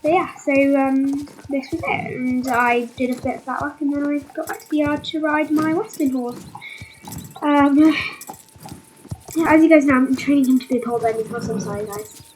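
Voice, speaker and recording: Casting: woman vlogger with a cold, slightly high, croaky voice, rambling casual voiceover, faint hiss behind. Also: steady tone, normal speed, darkish tone, poor audio. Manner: rambling, full of "but yeah" and "um". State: sick and croaky. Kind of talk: casual voiceover of a game riding vlog.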